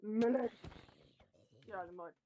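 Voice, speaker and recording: High, lively woman chatting outdoors. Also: normal speed, a little hiss or hum. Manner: scolding dogs, chatty and exasperated. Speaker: streamer. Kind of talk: casual chat while walking dogs. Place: outdoors, on a walk. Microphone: earbuds. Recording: dull lo-fi sound.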